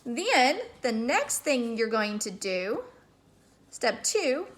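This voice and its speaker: A woman teaching a remote phonics lesson to kindergarteners, patiently sounding out words slowly and checking in with "okay?". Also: on the high side, big pitch swings. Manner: slow, drawn-out sounding out of words.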